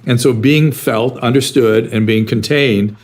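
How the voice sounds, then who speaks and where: A man's voice: medium pitch, measured pace, darkish tone. An older man, a psychiatrist guest in an interview, answering bluntly and telling stories with animation.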